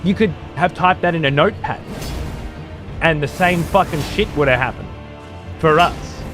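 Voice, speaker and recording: Over music, a man with a voice on the high side streams a video game at normal speed. He comments on the play and rants at his chat with heavy profanity.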